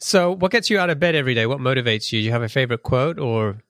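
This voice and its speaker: A man's voice: medium pitch, lively intonation, racing, fairly bright tone, dry recording, studio quality. A man hosting a podcast, reading a sponsor message and asking his guest questions in an eager, conversational way. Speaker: podcast host. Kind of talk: podcast interview and ad read.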